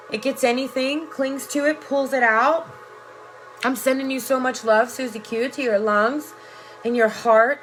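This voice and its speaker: A woman's voice: on the high side, fairly bright tone, a little hiss or hum. A woman on a live video, reading viewer comments and preaching love and faith in an effusive, profane way. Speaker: energy worker and life coach.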